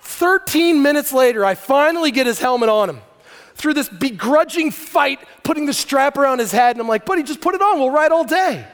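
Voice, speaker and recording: A man in his thirties preaching a sermon to a congregation, telling stories in an animated, joking way. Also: very high voice, brisk. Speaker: pastor. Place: large hall before a congregation. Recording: long hall reverb.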